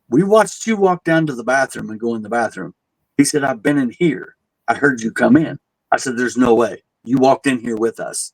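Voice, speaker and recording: Male tour guide, relaxed storyteller who voices the people in his tale; dry, close recording. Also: mid-range voice, moderate pace, dry recording, rough recording. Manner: laid-back, animated when quoting people, chuckles at his own jokes. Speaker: haunted asylum tour guide. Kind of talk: casual storytelling.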